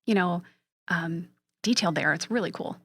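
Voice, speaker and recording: A woman's voice: on the low side, brisk, a bit bright, husky. A woman co-hosting a tech podcast, upbeat and casual, telling jokes and sharing tips. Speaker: podcast co-host. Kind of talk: casual chat.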